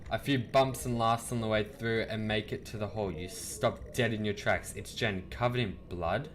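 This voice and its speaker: A man's voice: on the low side, fairly even intonation. A man hosting a let's-play, reading game text aloud and joking, flustered at times. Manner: reads slowly, jokes and gets flustered. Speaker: gaming video host.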